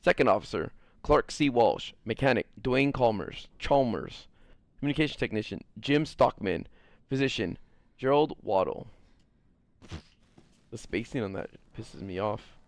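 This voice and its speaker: A young man streams a game, talking straight to his viewers in a loose, joking way and swearing freely. His pitch jumps around in a lively, animated swing, while the voice itself sits at an ordinary middle height. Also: unhurried, no echo. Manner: joking, profane, chatting with viewers. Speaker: gaming streamer. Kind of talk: casual let's-play commentary.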